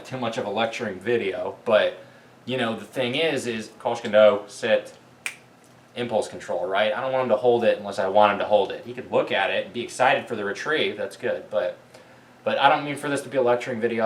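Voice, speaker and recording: A man ranting bluntly about dog training, swearing often, tagging "right?" onto his points, and breaking off to give his dog commands. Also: a bit bright. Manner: blunt, profane, keeps asking "right?"; calls commands to his dog and praises it in a high voice. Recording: echoey, mic at a distance.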